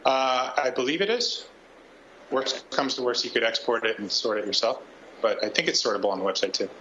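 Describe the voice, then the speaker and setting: A man's voice: mid-range voice, brisk, sharp tone, muffled recording, slight background noise. A man, a state official, giving plain factual answers at a press briefing.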